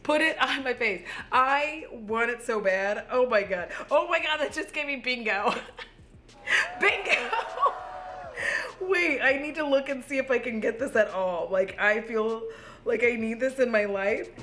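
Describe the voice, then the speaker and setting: A woman with a slightly high voice hosts a casual makeup review vlog from home. She is tipsy and talks in an excitable, gushing rush, with swearing sprinkled all through. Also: normal speed, slight background noise. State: tipsy from drinking. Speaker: beauty vlogger.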